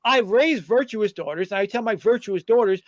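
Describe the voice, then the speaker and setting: A man's voice: sits high, brisk, no echo. A middle-aged man hosting a political talk show, rambling and combative, with lots of fillers and restarts.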